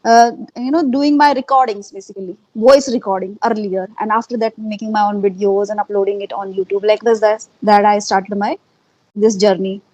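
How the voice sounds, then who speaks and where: A woman's voice: medium pitch, steady tone, normal speed, dark tone, dry recording, low-quality recording. A woman with an Indian accent, talking earnestly in a casual interview, often repeating herself and using fillers. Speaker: interviewee, English learner. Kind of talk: casual conversation.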